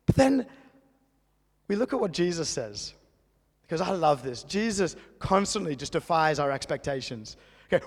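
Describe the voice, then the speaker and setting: A man preaches to his congregation in an easy, conversational way. His voice sits high and has a gravelly edge. It rings out with the long reverb of a church hall. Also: normal speed. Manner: conversational, animated storytelling preacher. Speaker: pastor. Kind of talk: sermon.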